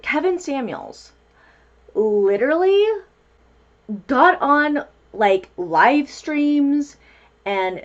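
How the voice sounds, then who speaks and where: A woman vlogger telling a story in an animated, emphatic way. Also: mid-range voice, highs cut off. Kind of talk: commentary vlog.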